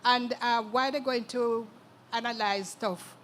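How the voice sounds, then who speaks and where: A woman's voice: on the high side, fairly even intonation, measured pace, fairly bright tone, slight background noise. An older woman with a Jamaican accent, speaking as a writer in an interview, emphatic and earthy, often closing her points with "okay". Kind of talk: conversational interview at a literary event.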